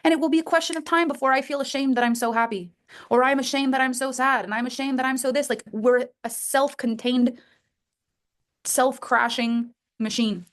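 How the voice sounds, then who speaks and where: A woman's voice: high-pitched, fairly even intonation, moderate pace. A middle-aged woman, a life coach, talking to listeners in a coaching call and acting out inner voices with big jumps in her voice.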